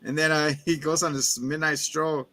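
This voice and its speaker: A man's voice: fairly high pitch, moderate pace, no echo. A man co-hosting a casual movie review chat, retelling scenes with lots of acted-out voices. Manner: animated, acts out scenes in put-on voices. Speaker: podcast co-host.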